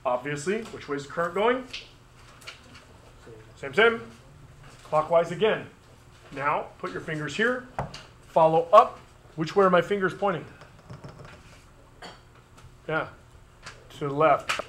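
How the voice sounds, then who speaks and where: Bright-voiced man teaching a classroom review. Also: a little high, expressive, slight background noise. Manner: brisk, conversational, joking asides. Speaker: physics teacher.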